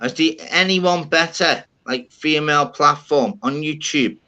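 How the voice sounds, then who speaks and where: A man's voice: a little high, unhurried, pushed and bright. A man hosting a casual video-call panel, enthusiastic, swearing and repeating himself. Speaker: host. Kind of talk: casual livestream chat.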